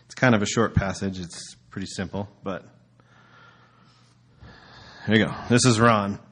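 A man's voice: lowish voice, fairly even intonation, a little slow, fairly bright tone, husky. A man preaching casually as a pastor, telling a story in a loose, conversational way with filler words.

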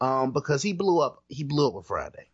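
A man's voice: medium pitch, big pitch swings, brisk, slightly rough, no echo, lo-fi sound. A man co-hosting a podcast in casual chat, talking emphatically and restarting his sentences often. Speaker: podcast co-host.

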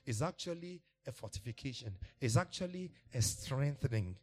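A man's voice: mid-range voice, lively intonation, normal speed, a little mellow. A man preaches to his congregation. He speaks emphatically, repeating his points and laughing now and then between them. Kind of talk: sermon.

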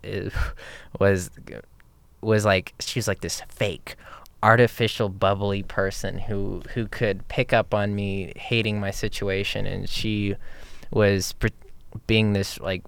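A young man telling a story in a casual chat with his partner, animated and mimicking voices. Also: on the low side, takes it slowly, gravelly, clean tone, no room sound. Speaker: partner in a couple's conversation.

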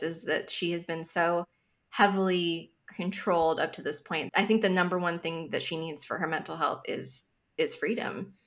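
A woman astrologer, appearing as a podcast guest, talks casually in a lowish, slightly bright voice. She comes across as thoughtful and emphatic, often adding hedging asides.

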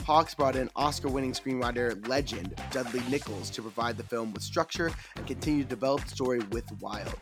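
A man from Panama hosting a film podcast, reading a scripted history of a film and then chatting loosely with his co-hosts. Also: mid-range voice. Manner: informative, stumbles and repeats words when talking off the cuff. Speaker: podcast host. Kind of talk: scripted film-history narration and casual chat.

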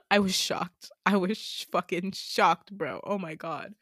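A woman host casually retelling a dream, full of "like" fillers and casual swearing, with sudden high exclamations. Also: slow, sharp tone, no echo, clean studio sound. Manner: chatty, frequent "like" fillers, swears freely. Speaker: podcast host.

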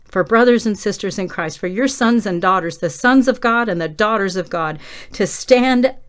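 Woman preacher, middle-aged, fervent pleading prayer that builds to near-yelling. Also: medium pitch, moderate pace. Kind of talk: passionate prayer and sermon.

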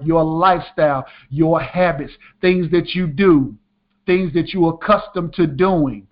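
A male preacher giving a sermon, emphatic and repeating his key lines for the listeners. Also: on the high side. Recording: dull lo-fi sound.

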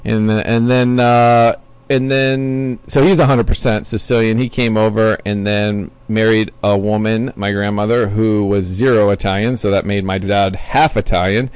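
A Florida man in his forties, once a baseball player, appears as a guest on a podcast for a casual interview chat. His voice is lowish, steady, clear and resonant at a normal pace with no room sound. He rambles chattily, full of fillers and restarts.

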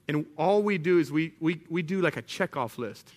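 A man preaching a sermon as a pastor, conversational and animated, acting out little scenes. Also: fairly high pitch, moderate pace, few pauses.

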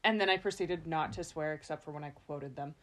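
A young woman hosting a podcast, chatting casually, giggling and animated. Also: deep voice, fairly quick. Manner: giggly, animated, slips into voices. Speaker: podcast host. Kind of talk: casual chat.

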